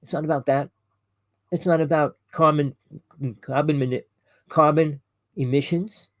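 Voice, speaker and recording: A man's voice: a little high, fairly even intonation, moderate pace, no echo, rough recording. A man delivering a rambling, preachy monologue to camera. He keeps correcting himself, calls his listeners "people" and fires off rhetorical questions. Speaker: online conspiracy commentator.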